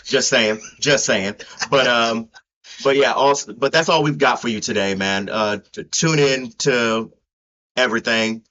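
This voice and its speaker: A man's voice: medium pitch, measured pace, bright, forceful tone. A man co-hosting a casual sports podcast, hyped and confident, often repeating words as he restarts his sentences. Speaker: podcast co-host. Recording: dull lo-fi sound.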